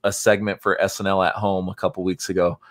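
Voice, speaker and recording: A man's voice: low voice, level tone, fast talker. A man chatting casually on a podcast about a film, hesitant and filler-heavy. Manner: hesitant, lots of fillers and restarts. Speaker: podcast co-host.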